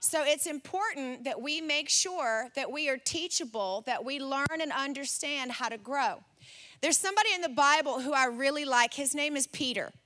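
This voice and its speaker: A woman in her forties delivers a sermon through a lively personal story. Her voice sits high and sounds bright. She jumps into the voices of the people in the story as she tells it. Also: normal speed. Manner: animated storyteller, acts out her son's voice. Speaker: pastor.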